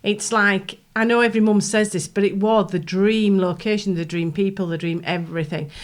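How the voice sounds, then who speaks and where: A woman's voice: mid-range voice, steady tone, moderate pace. A middle-aged woman with a Northern English accent, chatting about family as a podcast guest, laughing often. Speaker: podcast guest, bride's mother. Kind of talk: casual chat.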